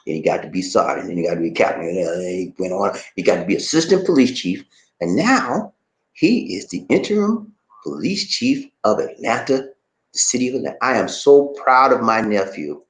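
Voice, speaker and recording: Animated middle-aged man, lively storyteller. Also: lowish voice, a little fast, roomy sound. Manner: animated, laughing, outspoken storyteller. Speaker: YouTube show host. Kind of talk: casual live-stream chat.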